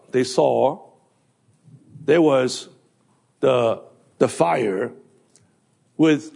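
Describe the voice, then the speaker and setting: A man preaching a sermon, halting with fillers and restarts. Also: medium pitch, gravelly, a little mellow, breathy edge. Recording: long hall reverb.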